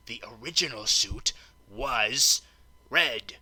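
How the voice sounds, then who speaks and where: A man's voice: medium pitch, lively intonation, takes it slowly, bright, forceful tone, breathy edge. A man doing a comedic movie recap, stammering often and breaking into mock-outraged, swearing rants.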